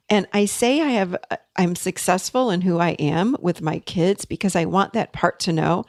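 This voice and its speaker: A woman's voice: fairly low pitch, darkish tone, dry recording, studio quality. A woman in her forties hosting a podcast, talking in an earnest, coaching way as a therapist. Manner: earnest, coaching, speeds up and slows down. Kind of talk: teaching podcast talk.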